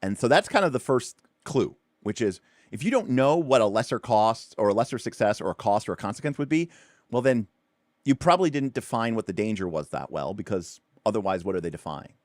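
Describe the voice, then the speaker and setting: A man's voice: on the low side, lively intonation, fairly quick, dry recording, clean studio sound. A man hosting a tabletop game livestream, explaining rules in a loose, rambling way with lots of fillers and restarts. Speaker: tabletop RPG show host.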